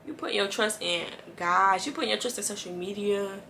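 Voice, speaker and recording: Bright, gravelly-voiced woman encouraging viewers. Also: medium pitch, a little fast, slight background noise. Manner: earnest, encouraging, talks straight to viewers; conversational and emphatic, repeats lines for weight. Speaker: Christian faith vlogger. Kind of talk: casual devotional talk to camera.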